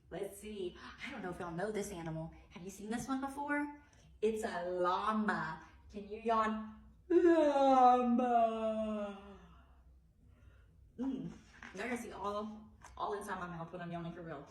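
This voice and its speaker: An animated preschool teacher, a woman, reading a picture book aloud in a lilting sing-song voice and acting out big, drawn-out yawns. Between pages she gives other teachers practical tips. Her voice rings in a roomy, echoey space. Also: mid-range voice. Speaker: early childhood teacher.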